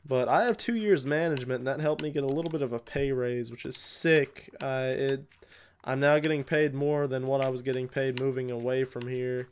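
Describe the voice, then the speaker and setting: A man's voice: medium pitch, steady tone, moderate pace, a little hiss or hum. A young man casually chatting with his viewers during a gaming livestream, rambling and answering chat while he plays. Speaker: live streamer.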